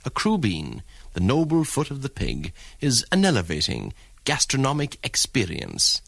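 A man's voice: mid-range voice, huge pitch swings, normal speed, creaky, fairly bright tone, no echo, studio quality. A man narrating a documentary in a wry, ornate storytelling manner. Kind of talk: scripted narration.

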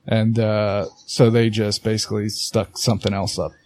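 A young man co-hosting a podcast, telling an animated story in casual chat and swearing a lot. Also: on the low side, normal speed. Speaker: podcast co-host.

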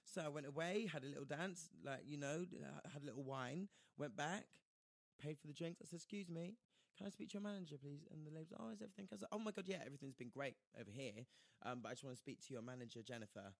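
A man's voice: a little high, fast, creaky, no echo, studio quality. A man telling a story in casual chat, acting out the people he quotes. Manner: animated, acts out quoted voices, slangy.

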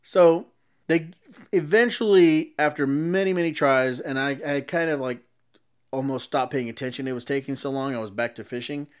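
A man's voice: mid-range voice, moderate pace, smooth. Rambling man telling a story. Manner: rambling, restarts to explain. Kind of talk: casual storytelling.

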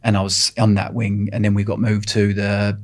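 A man's voice: fairly low pitch, level tone, normal speed. A middle-aged man with an Essex accent, telling his story bluntly in an interview, swearing casually and restarting his sentences. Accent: Essex English. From England. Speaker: interview guest.

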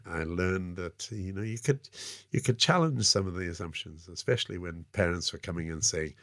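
Deep-voiced older South African man. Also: normal speed, a bit bright, no room sound, studio quality. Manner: rambling, frequent "you know" fillers. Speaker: guest. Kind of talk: casual anecdotal storytelling.

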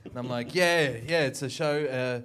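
A man co-hosting a podcast, telling comic stories with animated, laughing riffs. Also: mid-range voice, moderate pace, clean tone. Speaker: podcast co-host, comedian. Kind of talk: casual comedic chat.

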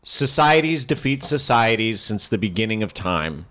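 A man's voice: on the low side, big pitch swings, normal speed, fairly bright tone. A man voicing a boastful alien college quarterback in a stiff, formal way, sometimes in broken English. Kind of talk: improvised comedy character.

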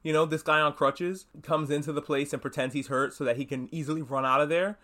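A man hosting a casual solo podcast, recapping a show in an animated, loose way, swearing often and acting out characters' lines in quick voices. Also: fairly high pitch. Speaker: podcast host.

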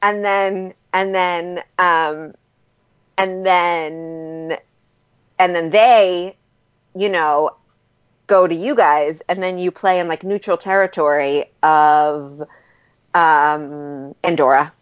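Playful joking woman, low voice. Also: steady tone, slow, smooth. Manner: playful, joking, laughs often. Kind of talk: casual banter. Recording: dull lo-fi sound.

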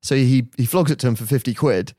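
Man telling an animated story. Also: medium pitch, fast, dry recording, clean studio sound. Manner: animated anecdote-telling, laughing often. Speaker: podcast host. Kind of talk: casual storytelling.

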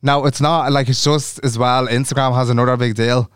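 Young male podcast co-host, rapid chatty storyteller with a smooth voice, dry close-miked sound. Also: medium pitch, steady tone, no room sound. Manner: chatty storyteller who acts out quoted dialogue and swears freely. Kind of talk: casual chat.

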